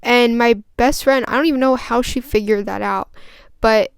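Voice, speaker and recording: A woman's voice: fairly high pitch, fairly even intonation, normal speed, vocal fry, smooth, no echo. A young woman vlogger telling a story and ranting in a chatty, rambling way with lots of fillers. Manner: grows agitated and emphatic. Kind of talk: casual storytime rant.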